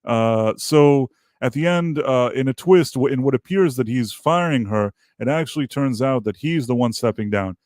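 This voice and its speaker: A man tears into a TV episode on his review show, scornful and exasperated. He trips over his own words and circles back, mid-pitched and dry, with no room sound around him. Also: darkish tone, dry recording. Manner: halting, repeats words and restarts. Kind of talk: ranting commentary review.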